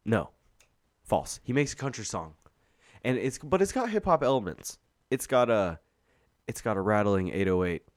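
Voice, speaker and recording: A man's voice: lowish voice, big pitch swings, moderate pace, pauses often, dry recording, clean studio sound. A man co-hosting a podcast in casual chat, meandering and swearing freely. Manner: chatty, meandering, profane. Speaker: podcast co-host.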